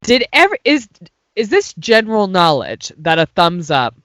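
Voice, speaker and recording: A woman's voice: mid-range voice, very animated, normal speed, fairly bright tone, dry recording. A woman co-hosting a podcast, chatting casually about reality TV and mostly answering with short agreements. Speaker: podcast co-host. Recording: dry, dull lo-fi sound.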